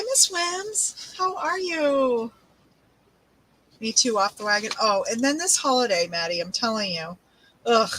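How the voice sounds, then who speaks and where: An older woman, her voice fairly high and fairly bright, hosts a craft livestream where she rambles casually, unpacks and shows supplies, and greets viewers by name. The rough recording has slight background noise.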